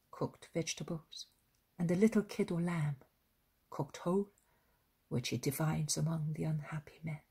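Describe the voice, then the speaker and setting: A woman narrating an audiobook in a soft, half-whispered reading voice. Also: low-pitched, husky. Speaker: audiobook reader. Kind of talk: scripted narration.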